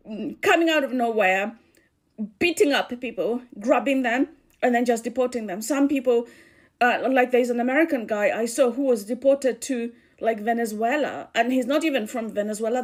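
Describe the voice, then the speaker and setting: A woman with a Kikuyu accent delivering earnest political commentary as a channel host. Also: on the high side. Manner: earnest, warning.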